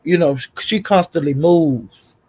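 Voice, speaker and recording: A man's voice: a little high, unhurried, darkish tone, slightly rough. A man hosting a casual livestream, gossiping and greeting viewers in the chat, calling them honey and child. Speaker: livestream host. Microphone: streaming setup.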